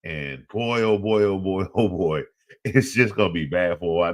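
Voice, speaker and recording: Man, fantasy football host, casual solo commentary, excitable, slangy, pitch jumping all over. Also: moderate pace. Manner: animated, excitable, laughs often, trash-talking, slangy.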